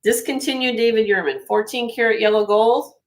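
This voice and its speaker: A woman with a slightly high voice runs a live jewelry sale, talking to her viewers in a loud, excitable patter. She chats casually, jokes at her own expense and calls out prices again and again. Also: fairly quick. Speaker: online jewelry seller.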